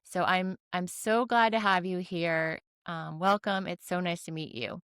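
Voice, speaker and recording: A woman's voice: lowish voice, steady tone, unhurried, fairly bright tone, clean tone, no room sound, clean studio sound. A woman hosting a podcast interview, enthusiastic as she introduces and questions her guest. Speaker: podcast host.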